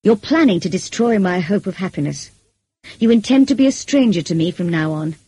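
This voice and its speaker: A woman reading the lines of a brooding, passionate middle-aged gentleman in an audiobook, in an intense, pleading manner. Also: medium pitch, expressive, fairly quick, breathy edge, dry recording, low-quality recording.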